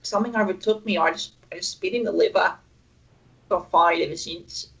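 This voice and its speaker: A man's voice: sits high, fairly quick, vocal fry, a bit bright, breathy edge, highs cut off, heavily acted. Man putting on a stammering nasal cartoon guy. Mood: sheepish. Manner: stammering, sheepish rambling. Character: bumbling nasal cartoon man, disgraced doctor. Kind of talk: improvised character voice on a stream.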